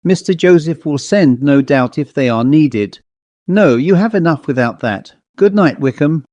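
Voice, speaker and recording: A man voicing an old-fashioned country rector who speaks crisply and a little impatiently. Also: a little high, lively intonation, unhurried, dark tone, no echo, lo-fi sound. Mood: brisk. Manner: crisp, clipped and somewhat impatient. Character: brisk, fussy male country rector.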